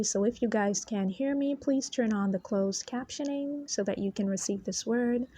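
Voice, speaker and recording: Woman minister, earnest, measured delivery of a prophetic word, dry close sound. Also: medium pitch, mellow, no echo. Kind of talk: prophetic word to online viewers. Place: noisy spot.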